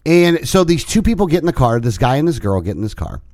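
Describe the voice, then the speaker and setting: A man co-hosting a podcast, telling an everyday story in relaxed casual chat. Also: a little high, fast, dry recording, studio quality. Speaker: podcast co-host.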